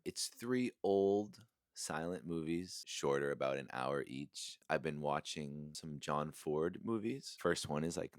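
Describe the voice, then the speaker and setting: A man with a low voice rants casually about movies, rambling through fillers and frequent chuckles. He gets emphatic when he lands on a complaint. The sound is close and dry. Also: dry recording. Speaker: movie reviewer.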